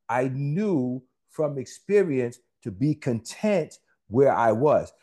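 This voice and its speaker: A man's voice: mid-range voice, animated, slow, dark tone. A man preaching a sermon, emphatic and repetitive, with conversational asides to the congregation.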